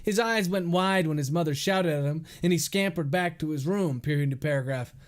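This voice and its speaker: A man's voice: a little high, brisk. Author dictating his novel, punctuation aloud.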